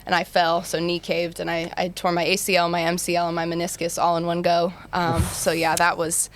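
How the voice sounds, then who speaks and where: A lower-pitched American woman in her twenties, from Utah, chatting easily as a podcast guest. She tells long stories in a relaxed way and laughs often between them. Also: fairly quick, slight background noise. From Utah, USA. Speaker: guest basketball player. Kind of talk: casual podcast chat.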